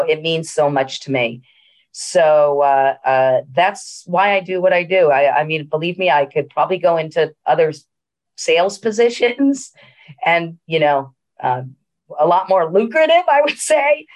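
A woman's voice: deep voice, expressive, unhurried. A middle-aged woman, a senior living executive, telling a story in a casual interview with many fillers and restarts.

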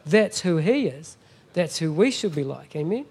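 A man's voice: a little high, big pitch swings, moderate pace, darkish tone, breathy edge. A middle-aged man preaching a sermon as a guest pastor, emphatic and often asking the congregation "Amen?".

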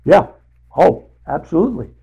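A man leading a casual Bible study, talking haltingly with many fillers and restarts, and putting emphasis on paraphrased scripture. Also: on the high side, lively intonation, creaky, warm tone, husky, highs cut off.

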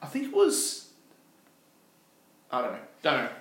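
A man's voice: fairly high pitch, huge pitch swings, unhurried. An Australian man co-hosting a podcast, rambling and laughing through casual banter, mocking himself. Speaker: podcast co-host. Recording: echoey room with faint noise.

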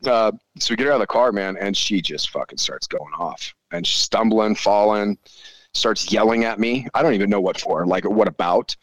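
A man in his forties, a podcast guest telling stories in casual chat, swearing freely and animated. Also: fairly low pitch, moderate pace, no room sound. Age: 40s. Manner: profane, animated storyteller.

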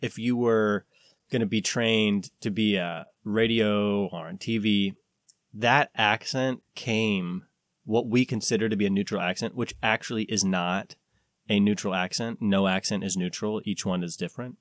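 Rambling low-voiced American man. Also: fairly even intonation, normal speed, no echo, clean studio sound. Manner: rambling, searching for words with many fillers. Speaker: podcast co-host. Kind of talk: casual chat.

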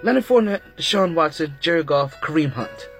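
Animated husky-voiced man hosting a podcast. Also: on the high side, moderate pace, faint music behind. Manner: animated, repeats himself, jokey asides. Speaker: podcast host. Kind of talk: casual sports podcast monologue.

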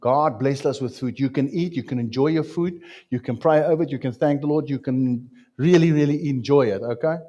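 A man's voice: mid-range voice, brisk, dark tone, lo-fi sound. A man preaching a sermon in an emphatic way, repeating phrases and asking his listeners questions.

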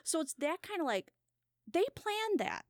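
Woman chatting and storytelling, lively, does the voices, dry close mic. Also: extremely high pitch, a little slow, dry recording. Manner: animated, acts out quoted voices, laughs often. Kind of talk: casual chat, storytelling.

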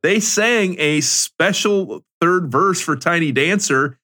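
A man's voice: high-pitched, animated, takes it slowly, pushed and bright. A man co-hosting a podcast, telling a laid-back story in casual chat. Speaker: podcast co-host.

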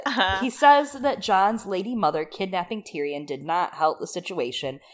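A woman's voice: mid-range voice, moderate pace. A woman co-hosting a casual book discussion, steadily recapping the plot. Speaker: podcast co-host.

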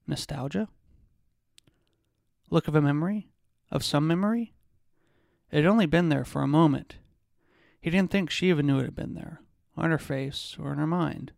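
A podcast host reads a passage from a novel in a measured way, now and then stumbling and restarting a word. His voice is gravelly with heavy fry and sits a little high. The recording is dry and close. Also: a little mellow, no echo. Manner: measured reading with occasional restarts. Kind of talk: reading a novel excerpt aloud.

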